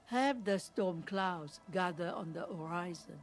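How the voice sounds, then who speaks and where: A woman voicing an elderly landlady in a video game, speaking in a slow, folksy, gentle way. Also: lowish voice. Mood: wry.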